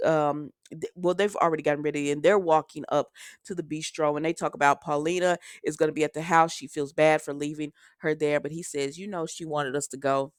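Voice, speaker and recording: A woman's voice: low voice, no echo, clean studio sound. A woman casually recapping a soap opera episode, chatting straight to her viewers and acting out the characters' lines in a loose, conversational way.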